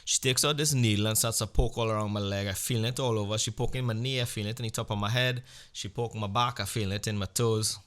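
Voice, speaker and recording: Man, podcast host, crude comic storyteller, bright voice, animated. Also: quick pace, few pauses. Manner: animated storyteller, acts out exchanges with sudden jumps in pitch and volume; blunt and crude.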